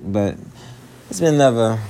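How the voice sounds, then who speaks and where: A man's voice: medium pitch, lively intonation, normal speed, creaky, warm tone, a little hiss or hum. A young man with a Philadelphia accent, venting in a profane, slangy monologue to his girlfriend. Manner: profane, slangy, pleading then exasperated. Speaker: vlogger.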